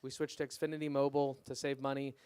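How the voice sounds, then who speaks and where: A young man performing a stand-up comedy set at an open mic, deadpan and self-deprecating, his punchlines trailing off quietly. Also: mid-range voice, quick pace, smooth, no echo. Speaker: stand-up comic.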